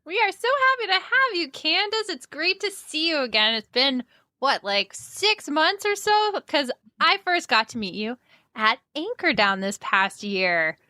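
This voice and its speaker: Woman cohost gushing over the guest, bright tense voice, swoopy pitch, dry mic. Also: very animated, measured pace, no room sound. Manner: enthusiastic, gushing, laughs often. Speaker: podcast co-host. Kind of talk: casual chat.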